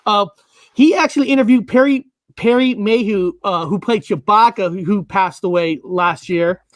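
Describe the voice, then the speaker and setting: A man's voice: high voice, moderate pace, no room sound. A man from Washington state hosting a casual interview over a video call, talking loosely with lots of ums and uhs. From United States, Washington state. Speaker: online show host.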